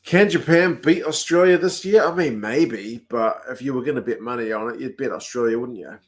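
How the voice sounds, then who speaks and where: A New Zealand man hosting a livestream, chatting casually and answering viewer comments aloud in a relaxed, talkative way. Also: medium pitch, a little fast. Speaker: livestream host. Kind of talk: casual chat reading comments.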